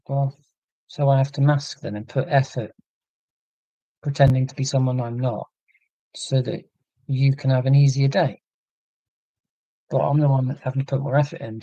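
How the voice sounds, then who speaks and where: A man talks through his thoughts on a livestream in an earnest, rambling way, often restarting his sentences. His voice is mellow and relaxed, recorded dry and close with no room sound, and he reads out and answers viewer comments as he goes. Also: mid-range voice, no room sound, lo-fi sound. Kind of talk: casual livestream chat.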